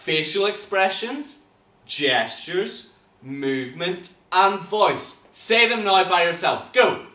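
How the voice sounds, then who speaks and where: A young man with a Northern Irish accent, teaching an online acting class to viewers in an animated, theatrical way full of gasps and sudden bursts. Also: high voice, takes it slowly, roomy sound, far from the mic. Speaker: drama teacher.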